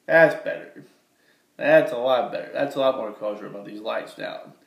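This casual vlog monologue comes from an American Midwestern man with a matching accent, rambling chattily to viewers in a mid-range voice at normal speed. Recorded from a distance in an indoor room with lights, it has a roomy echo and faint ambience.

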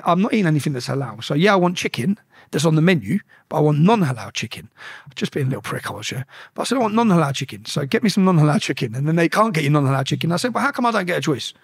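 A man telling a story as a podcast guest, animated and profane, acting out the shouted exchanges. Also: on the high side, fast talker, slightly rough.

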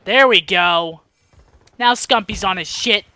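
Bright excitable young man commentating gameplay. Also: high-pitched, slow pace, clear, resonant tone, dry recording. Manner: excitable, swings from mumbling to frustrated yelling. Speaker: gaming commentator. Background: gunfire from the game.

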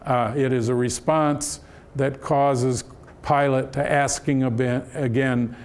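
A man giving a Bible-study lecture in a church, explaining the text in a measured way with frequent "uh" fillers. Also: medium pitch, steady tone, darkish tone. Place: church hall.

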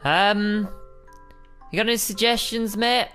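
A man's voice: sits high, fairly even intonation, unhurried, bright, forceful tone, soft background music. A young man chatting playfully while co-hosting a Minecraft let's play, often calling his partner mate. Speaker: gaming co-host.

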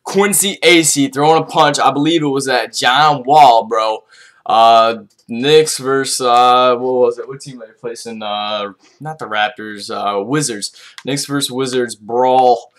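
A young man in a casual, rambling vlog rant, excited and slangy, swearing freely. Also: mid-range voice, measured pace.

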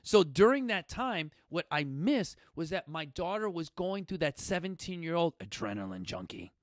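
A man, hosting his own fitness talk show and telling a personal story in a direct, emphatic way that swings between loud bursts and quiet asides. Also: a little high, sing-song, moderate pace, no echo, studio quality. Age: 40s. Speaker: gym founder and podcast host. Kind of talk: motivational storytelling monologue. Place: coastal Southern California gym studio.

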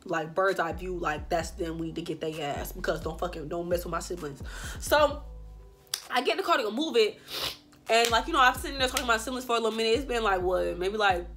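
A young woman telling a story straight to her viewers, animated and full of profanity. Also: mid-range voice, fast. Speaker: vlogger. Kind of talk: storytime vlog.

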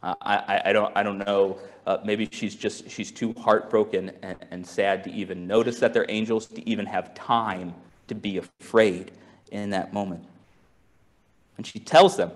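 A man preaching a sermon as pastor, musing aloud with restarts and rhetorical questions, moving from quiet and low to raised and fervent. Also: steady tone, normal speed. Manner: swings from soft and low to raised and intense.

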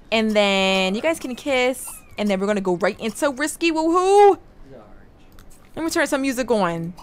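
A young woman chatting excitedly through a life-simulation game, talking to her viewers and to the characters on screen. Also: fairly high pitch, slight background noise. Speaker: gaming YouTuber. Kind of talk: casual let's play commentary.

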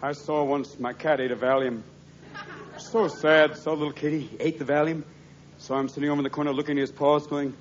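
A man doing a stand-up comedy routine on a live stage, talking fast and animated and jumping into character voices. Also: fairly high pitch. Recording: muffled live recording, crowd laughter and noise.

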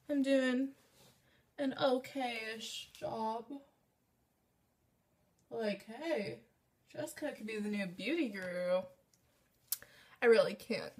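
Young female vlogger, high voice, chatty and self-mocking, talking casually at home. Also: darkish tone. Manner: rambling, self-deprecating chatter. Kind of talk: casual makeup vlog.

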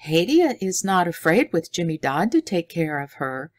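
A woman reading an audiobook voices a frightened, dignified young jungle girl who speaks in high, breathless cries. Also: very animated, normal speed.

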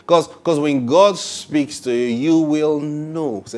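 A man preaching a sermon, laughing often and repeating praise, swinging between loud bursts and hushed, drawn-out phrases. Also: on the high side, faint music behind. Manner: laughs often, repeats "Praise God", asks rhetorical questions.

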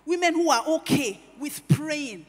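A middle-aged Nigerian woman pastor preaching a sermon, animated and full of rhetorical questions. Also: high-pitched, a little slow. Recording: reverberant hall with faint noise.

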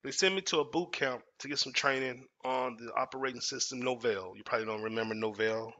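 Bright and forceful, a medium-pitched male voice moves fairly quickly through a personal story. The speaker, a storytelling host from Dallas, Texas, in his 40s, talks casually and emphatically, repeating phrases for effect, over dull lo-fi audio.

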